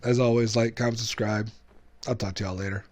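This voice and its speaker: A man's voice: fairly low pitch, brisk. A man hosting his own gaming channel, talking casually over gameplay, chatty and self-mocking with frequent laughs. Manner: lively sing-song show intros.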